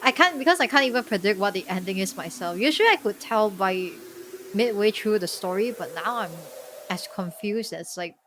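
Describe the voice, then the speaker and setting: A woman chats her way through a story game, her voice worn down and sick-sounding. She talks in a flat, deadpan way, trailing off and restarting, with small tired laughs. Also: medium pitch, fairly quick, a little hiss or hum. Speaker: streamer. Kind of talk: casual game-stream commentary.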